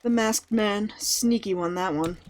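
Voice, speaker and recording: A woman reading aloud the lines of an ancient, weakened god who judges visitors, in a measured way. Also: medium pitch, darkish tone, close to an everyday voice. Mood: aloof.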